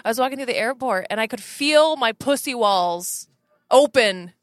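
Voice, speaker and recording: A woman's voice: fairly high pitch, lively intonation, moderate pace, dry recording, clean studio sound. A woman co-hosting a casual chat, talking loosely and peppering her speech with "like". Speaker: co-host.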